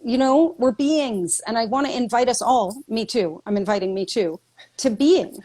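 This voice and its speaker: A woman speaking over a video call, her voice pitched a little high. She talks in an effusive, tumbling way, full of enthusiasm and quick laughter. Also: a little mellow. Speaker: guest author.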